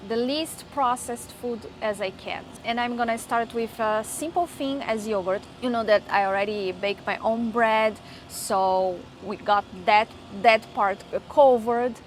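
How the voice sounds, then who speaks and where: Chatty upbeat woman, high voice. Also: a bit bright, slight background noise, rough recording. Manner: chatty and upbeat, with many restarts. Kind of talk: casual vlog chat. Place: home balcony, outdoors.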